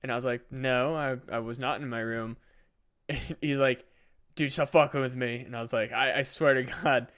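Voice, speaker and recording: A man's voice: medium pitch, steady tone, moderate pace, a bit bright, clean tone. A young man, a podcast co-host, telling a casual story with lots of fillers and swearing. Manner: rambling, profane, many fillers.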